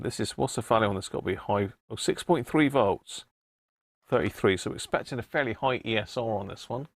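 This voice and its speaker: A man's voice: on the low side, creaky, dry recording. A jovial man hosting a casual live stream, chatting and laughing with his viewers. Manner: jovial, laughing banter with chat. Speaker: live-stream host restoring a vintage radio.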